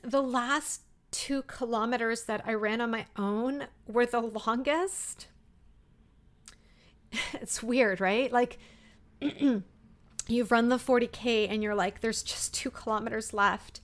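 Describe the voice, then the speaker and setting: A woman in her thirties hosting a podcast, telling a personal story in a heartfelt, emotional way, with many fillers and pauses. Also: fairly high pitch, fairly even intonation. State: emotional, near tears. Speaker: podcast host.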